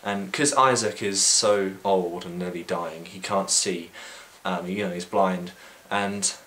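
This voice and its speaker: A video blogger casually retells a book in an irreverent, offhand way, full of ums and crude slang. He has a deep, steady, slightly bright voice and speaks slowly, with a little hiss or hum in the background.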